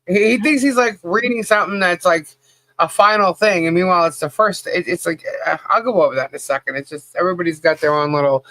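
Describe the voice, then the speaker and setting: A woman's voice: fairly low pitch, fairly bright tone, dry recording. A woman co-hosting a casual livestream podcast, chatty, laughing often and greeting viewers by name. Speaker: podcast co-host.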